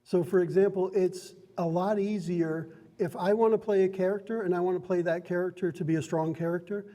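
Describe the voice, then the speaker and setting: A man with a high-pitched yet warm, mellow voice runs a tabletop game session as game master. He explains the rules to his players in an upbeat, chatty way and often laughs as he talks. It was recorded in a card and game shop. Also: fairly even intonation, fairly quick, in a large hall.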